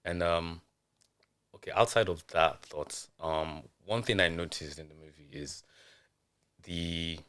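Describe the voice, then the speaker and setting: A man's voice: deep voice, measured pace, fairly bright tone, clean tone. A man who is a journalist guest in a casual podcast chat, speaking thoughtfully and hesitantly with many ums.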